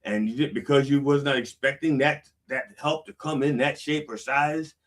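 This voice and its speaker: A man's voice: medium pitch, steady tone, moderate pace, distant mic. A man preaching a casual sermon, reading song lyrics aloud and explaining them with frequent "okay?" checks. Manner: conversational, reads lyrics aloud then unpacks them. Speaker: pastor.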